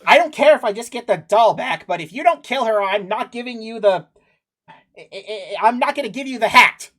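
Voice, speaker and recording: A man's voice: high-pitched, animated, a little fast, fairly bright tone. A man voicing a petulant, whiny young male fey who throws tantrums. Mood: stubborn.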